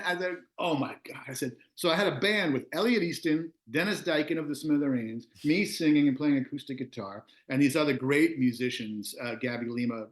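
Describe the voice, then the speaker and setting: A man in his fifties from Long Island, a musician and author, telling stories as a guest in a casual interview and laughing often. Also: on the high side. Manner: animated storyteller, laughs often. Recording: roomy echo.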